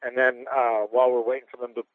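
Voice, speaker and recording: A man's voice: mid-range voice, flat delivery, quick pace, no echo. A man who is a retired pro boxer, telling candid anecdotes in an interview, rambling with restarts and chuckles. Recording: tinny phone-line radio audio.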